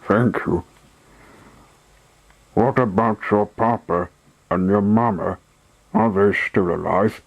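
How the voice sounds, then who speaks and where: A man reading the part of a gruff, harsh puppet showman in a slow, low voice. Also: no echo, dull audio, heavily acted. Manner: harsh, commanding.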